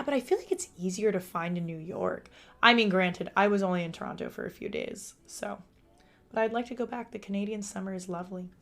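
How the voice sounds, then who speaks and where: A young woman streaming from a room at home with a monotone voice. She chats casually and answers her chat. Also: mid-range voice. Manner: chatty, reads out and answers chat. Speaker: live streamer.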